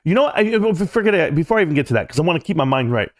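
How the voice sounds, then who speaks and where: A man with a fairly high voice hosts a casual livestream, ranting loosely and bluntly to his chat. He swears now and then and jumps from one thought to the next as he talks straight to his viewers. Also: big pitch swings, very fast. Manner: rambling, blunt, mildly profane; addresses chat directly. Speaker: livestream host.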